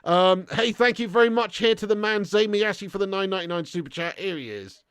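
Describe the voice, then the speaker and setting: A man's voice: high-pitched, lively intonation, brisk, fairly bright tone. A tired man hosting a live football watch-along, reading viewer messages with sweary, blokey banter. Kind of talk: live stream chat reading super chats.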